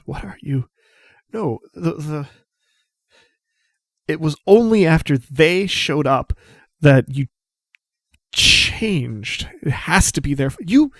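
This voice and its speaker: A man's voice: a little high, lively intonation, slow, long pauses, fairly bright tone, no room sound, pitched above the performer's own voice, heavily acted. Brief: man playing a frantic jilted lover, raised and pleading, dry close sound. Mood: accusing. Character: distraught disheveled young man, jilted lover.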